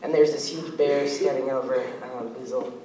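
A man excitedly narrating a cartoon story, with sound effects and laughs. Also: medium pitch, normal speed, echoey room, far from the mic, rough recording. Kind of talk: animated storytelling of a cartoon pitch.

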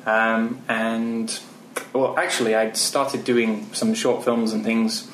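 A man's voice: on the low side, little pitch movement, takes it slowly, a bit bright, a little hiss or hum. A British man giving a casual, rambling interview answer with many ums. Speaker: guest. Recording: roomy echo.

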